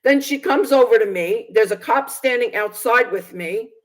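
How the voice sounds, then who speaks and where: Woman giving a halting personal testimony. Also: a little high, low-quality recording. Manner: hesitant, halting, many fillers and restarts; earnest, indignant. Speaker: Christian video preacher. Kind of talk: personal testimony, telling a story.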